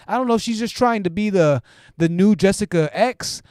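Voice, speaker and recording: Chatty livestream host with a higher male voice. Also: brisk, darkish tone, smooth, dry recording, studio quality. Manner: conversational, keeps asking "right?"; self-interrupting restarts, repeats phrases. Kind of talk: live commentary reading chat comments.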